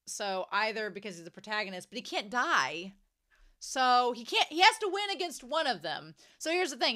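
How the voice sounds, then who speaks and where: A woman giving a casual, excited reaction commentary on an anime episode, chatty and laughing often. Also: mid-range voice, clear, resonant tone.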